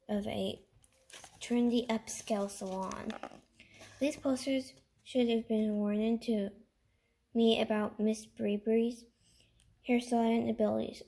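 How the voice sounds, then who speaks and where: A woman reading a book aloud in a halting way, stumbling, restarting and breaking off to chat. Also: fairly high pitch, mellow. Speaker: reader.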